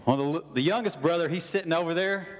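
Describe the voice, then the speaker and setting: A man's voice: on the high side, quick pace. A man preaching a sermon with folksy storytelling, calling out to his congregation for responses. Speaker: pastor. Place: church hall. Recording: long hall reverb.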